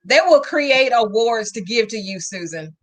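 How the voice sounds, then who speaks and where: A woman's voice: fairly high pitch, expressive, normal speed. A woman talk show host, heaping emphatic praise on her guest in an effusive interview chat.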